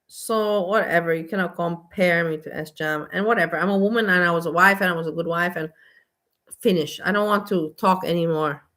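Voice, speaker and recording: A woman's voice: on the low side, fairly quick, a bit bright. Blunt ranting woman vlogger. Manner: blunt, exasperated, repetitive. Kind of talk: casual ranting monologue.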